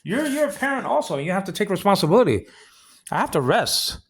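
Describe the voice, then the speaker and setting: High, gravelly ranting man. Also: sing-song, fairly quick. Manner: rambling, repetitive, stammering restarts; indignant complaining. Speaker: vlogger. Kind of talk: ranting personal monologue.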